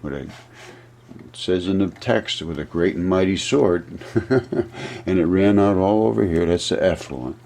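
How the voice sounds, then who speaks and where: A man talking through a map in a casual, rambling monologue, often laughing at his own ideas and getting excited. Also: sits low, normal speed, vocal fry. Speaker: video presenter.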